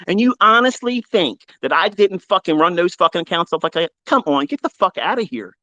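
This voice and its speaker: A man hosting a live online audio chat, ranting heatedly and profanely, swinging between loud outbursts and low mutters. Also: lively intonation, a little fast, few pauses. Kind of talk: heated unscripted rant. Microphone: online audio room.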